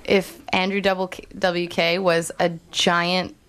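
Giggly, excitable female radio co-host. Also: on the low side, unhurried, clean tone. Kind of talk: casual studio banter. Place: radio studio.

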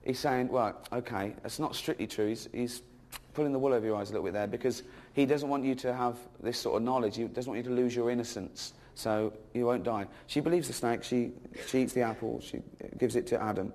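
A middle-aged man doing a stand-up routine, sardonic and sweary, swinging into loud bits. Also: mid-range voice, fairly even intonation, brisk. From England. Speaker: stand-up comedian.

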